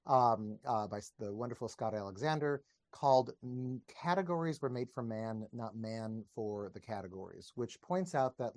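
A man's voice: medium pitch, a little mellow, dry recording. A man, a podcast guest and teacher, explaining ideas in casual conversation with enthusiasm, wandering off on tangents and laughing as he talks, recorded over a video call.

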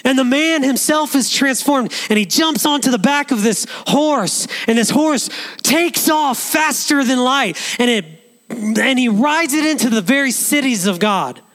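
A male pastor delivers an earnest sermon, often restarting his sentences. His speaking voice sits high for a man. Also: lively intonation, unhurried, fairly bright tone.

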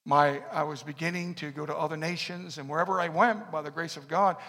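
Middle-aged preacher guy, husky highish voice, loud then quiet storytelling, big echoey hall. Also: brisk. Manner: animated storytelling, swings from loud to hushed. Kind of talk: sermon with personal testimony. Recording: echoey hall, long reverb.

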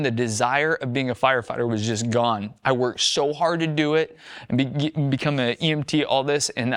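A man's voice: medium pitch, a bit bright, dry recording, studio quality. A young man earnestly telling his personal faith testimony, acting out his own past words and others' in a conversational storytelling way. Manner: earnest, storytelling, frequent "like" and quoted self-talk. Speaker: former firefighter sharing testimony.

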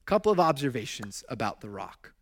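Lively conversational male pastor. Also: medium pitch, brisk. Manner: lively, conversational, swings from loud to hushed. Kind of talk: sermon.

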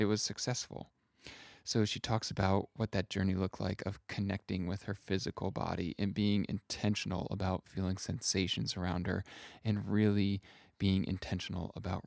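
A man hosting a podcast as a self-kindness coach, speaking gently and reflectively, often pausing to search for words. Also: deep voice, little pitch movement, vocal fry, dry recording, studio quality. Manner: gentle, unhurried, searching for words with soft fillers.

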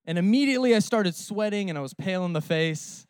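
Pastor in his thirties, man, humorous conversational preacher, smooth voice, dry close sound. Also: high-pitched, lively intonation, fast, dry recording. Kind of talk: sermon.

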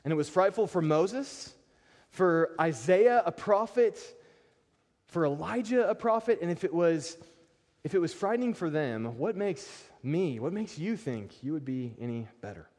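A pastor preaching a sermon, animated and emphatic, often repeating words as he builds a point. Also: a little high, unhurried. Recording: long reverb of a large hall.

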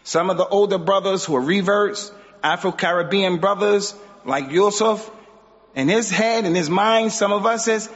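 A man's voice: high voice, moderate pace, fairly bright tone. A man giving an emphatic religious lesson in a mosque, exhorting his audience. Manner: emphatic, exhorting, acts out quotes. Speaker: Islamic teacher. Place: mosque hall. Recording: dull sound with long hall reverb.

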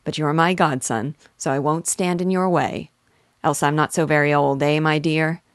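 A bantering, jovial old uncle teases his godson and the company, voiced by a woman reading aloud. The voice sits low and the sound is close and dry. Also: steady tone, moderate pace, no echo, close to an everyday voice. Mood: teasing. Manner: teasing, bantering. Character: jovial chatty older male uncle.

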